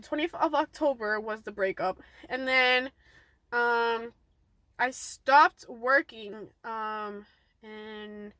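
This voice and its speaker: A woman's voice: a little high, a bit bright, dry recording. A young woman telling a rambling, chatty story-time vlog, full of fillers and tossing in Spanish words. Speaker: vlogger.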